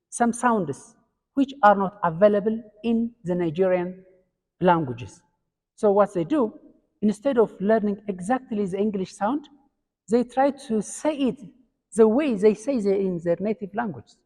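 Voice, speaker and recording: A man's voice: sits high, a little slow, a little mellow. A man from Ethiopia with an Ethiopian accent, giving a classroom lecture step by step with fillers and restarts. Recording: long hall reverb.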